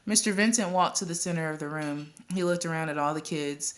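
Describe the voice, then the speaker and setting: A woman reading a children's novel aloud at a steady pace, with occasional coughs and restarts. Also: low voice, fairly quick. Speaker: audiobook reader.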